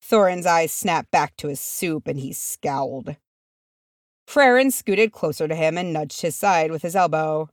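A woman reading a fan fiction chapter aloud as narrator, measured and steady. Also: low-pitched, dry recording, clean studio sound. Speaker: audiobook reader.

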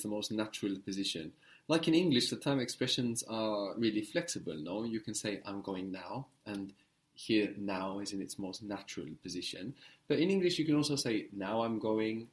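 Teaching a spoken language lesson in a lowish voice, a man patiently coaxes answers from his student and repeats each one slowly.

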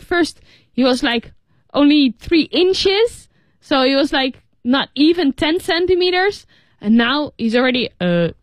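A woman co-host reads lines from a story and explains the English phrases in a loose, chatty manner full of fillers. Her voice sits fairly high, recorded close and dry. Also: no room sound.

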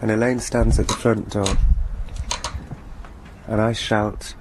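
A man presenting a radio programme, telling a first-person story in a dry, deadpan way. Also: fairly low pitch, slow, pauses often, noisy background.

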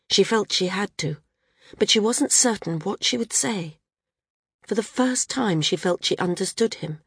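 A woman reading a novel aloud as an audiobook narrator, steady and measured. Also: fairly low pitch, husky, dry recording, clean studio sound. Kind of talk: scripted narration.

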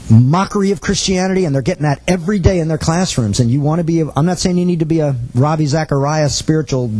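Male speaker, earnest missions teacher, husky tone, a bit high, tells a story and acts out the dialogue. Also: warm tone, low-quality recording. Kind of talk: teaching talk with personal story.

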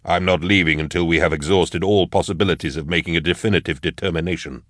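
A man voicing a stern older male inquisitor who speaks slowly and deliberately. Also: low-pitched, fairly even intonation, a bit bright, no echo, studio quality. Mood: grave. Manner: slow, deliberate, grave.

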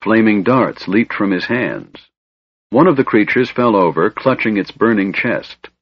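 A man reading a fantasy audiobook in a measured, dramatic narration. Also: on the low side, expressive, breathy edge, no room sound. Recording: dull lo-fi recording, dry.

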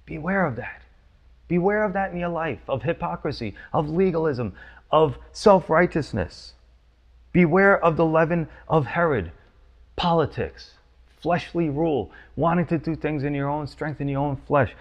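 Gravelly-voiced male preacher, emphatic. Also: a little high, moderate pace, dull audio. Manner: emphatic preaching with rising, urgent questions. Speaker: pastor. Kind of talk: sermon.

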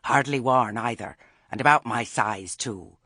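A man's voice: medium pitch, measured pace, bright, forceful tone, husky, no room sound, studio quality. A man voicing a stern elderly witch who is acting oddly sweet, with prim, earnest, clipped rural speech.

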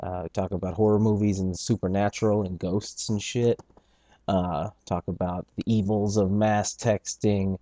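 A man's voice: mid-range voice, mellow, no echo. A man hosting a casual podcast from his studio apartment, rambling and joking with plenty of swearing. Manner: rambling, profane, jokey. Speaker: podcast host.

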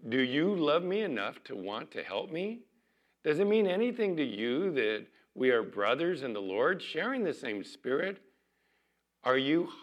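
An older man, a pastor, preaching an earnest sermon and slowing down to read scripture aloud. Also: medium pitch, a bit bright.

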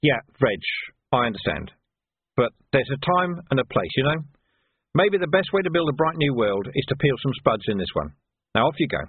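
A man's voice: medium pitch, big pitch swings, normal speed, breathy edge, dry recording. A man doing a weary, hard-headed watch sergeant. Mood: firm, dry. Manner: firm, dry, commanding. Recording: thin phone-like dry sound.

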